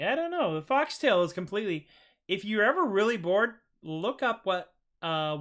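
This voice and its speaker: A man's voice: high voice, fairly bright tone. A man hosting his own music livestream, chatting casually between songs in rambling, self-deprecating asides. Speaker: singer-songwriter host. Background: guitar strumming.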